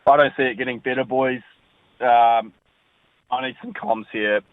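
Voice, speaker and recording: A man's voice: mid-range voice, fairly even intonation, moderate pace, dry recording. A man with a New Zealand accent calling in to a sports podcast, glum and candid, swearing about his team. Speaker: caller. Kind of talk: phoned-in voice message. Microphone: phone. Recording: tinny phone line.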